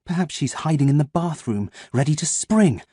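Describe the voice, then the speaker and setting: Brief: husky, silky villain scientist, taunting and mock-gentle, read by a man. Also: a little high, expressive, normal speed, dry recording, clean studio sound, pitched above the performer's own voice. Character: menacing scheming male scientist villain.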